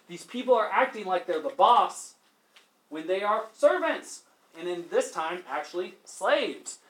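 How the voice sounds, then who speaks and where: A male teacher lecturing a class, animated, asking students questions and acting out quotes as he retells a story. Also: fairly high pitch. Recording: echoey classroom.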